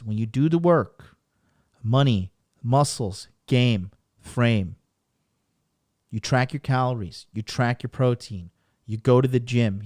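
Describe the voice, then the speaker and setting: A man's voice: mid-range voice, a little mellow, dry recording, clean studio sound. A man hosting a podcast, giving a profane, emphatic motivational rant that hammers the same points over and over. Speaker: podcast host and dating coach.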